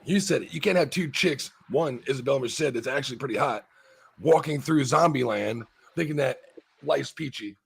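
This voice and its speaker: A man's voice: mid-range voice, normal speed, gravelly, husky. A man hosting a casual talk show, rambling profanely with many restarts as he argues his point. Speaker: podcast host. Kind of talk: casual chat.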